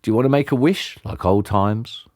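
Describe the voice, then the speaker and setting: A man's voice: on the low side, moderate pace, a little mellow, dry recording, studio quality, natural voice. A man reading aloud, voicing a cheeky, affectionate working-class dad who calls everyone mate.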